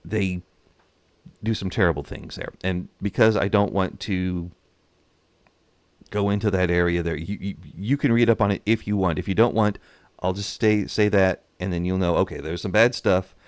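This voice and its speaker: A man with a lowish voice gives casual history commentary about a strategy game. He talks in an animated way and acts out nations in voices. The sound is close and dry. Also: normal speed, no room sound.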